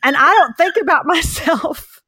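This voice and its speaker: A woman's voice: sits high, moderate pace, pushed and bright. A middle-aged woman from Texas with a Southeast Texas accent, chatting and laughing easily as a podcast co-host. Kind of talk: casual chat.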